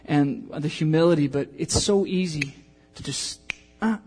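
A man's voice: on the high side, moderate pace, a little hiss or hum. A man in his thirties preaching a sermon, telling a personal story and acting out the voices in it. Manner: animated storytelling, acting out quotes. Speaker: pastor.

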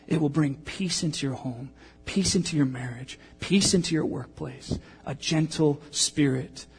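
A man in his thirties preaches a sermon to his church. He speaks in a fairly high voice and slips into the voices of the people in his story as he tells it. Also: measured pace, vocal fry, breathy edge. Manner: animated storytelling, acting out quotes. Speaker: pastor.

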